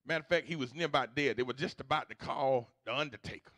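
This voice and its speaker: A man preaching a sermon as pastor, moving from quiet storytelling to loud, repetitive exhortation. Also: medium pitch, fast talker, no echo, studio quality. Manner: swings from hushed storytelling to loud preaching, repeats phrases. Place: church sanctuary.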